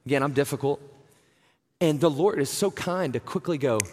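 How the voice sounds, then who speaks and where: A man's voice: a little high, moderate pace, darkish tone. A man, preaching a conversational, earnest sermon. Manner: conversational, earnest, says "right?" and "man" often. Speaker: pastor. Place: church sanctuary. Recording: long hall reverb.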